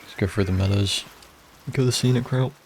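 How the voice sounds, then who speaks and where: A man's voice: on the low side, a little fast, background noise. A man giving casual, rambling commentary while playing a video game. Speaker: gameplay streamer. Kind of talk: casual let's play commentary.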